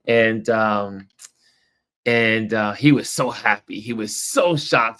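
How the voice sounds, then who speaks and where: A man hosts a casual late-night livestream, his lowish voice unhurried as he rambles easygoingly. When quoting people, he slips into animated voices.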